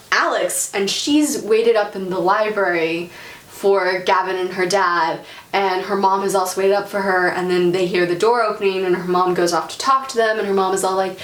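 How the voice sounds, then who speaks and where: A woman co-hosting a casual book podcast, recapping a plot with lively swearing and quick character voices. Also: mid-range voice, roomy sound, recorded from a distance. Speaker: podcast co-host.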